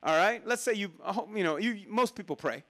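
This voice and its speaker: Speaking a little fast in a high-pitched male voice, this pastor gives a lively, conversational sermon. He breaks off now and then into sudden, quiet asides aimed at the congregation.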